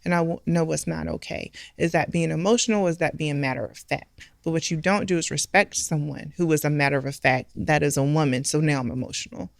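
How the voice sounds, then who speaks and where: A woman's voice: low voice, fairly quick, creaky, dry recording, clean studio sound. A middle-aged woman, a bar owner, speaking candidly and emphatically in an interview, often using rhetorical questions. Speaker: guest, restaurant and bar owner.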